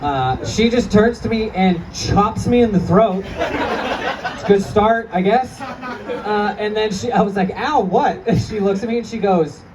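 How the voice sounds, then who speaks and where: A man in his thirties does stand-up before a live crowd at a comedy club, telling profane jokes at his own expense and laughing through the punchlines. He has a high voice and keeps a measured pace. The stage audio is distant, with audience laughter and chatter in the background.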